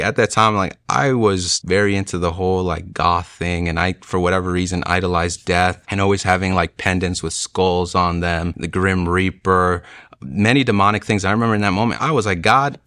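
Earnest deep-voiced young man's testimony. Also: pushed and bright, dry recording, clean studio sound. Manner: earnest storytelling, frequent "like" and "you know". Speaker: testimony speaker. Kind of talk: personal faith testimony.

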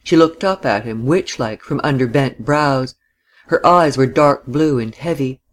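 A narrator reading a novel aloud in a measured, even way. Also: medium pitch.

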